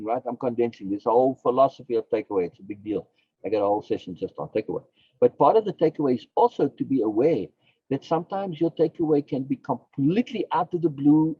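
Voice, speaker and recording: Guy on a podcast, husky voice, repeats himself for emphasis, dry slightly dull audio. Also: mid-range voice, no echo. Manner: emphatic, repeats key phrases, asks and answers his own questions. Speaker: philosopher guest. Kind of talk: conversational podcast explanation.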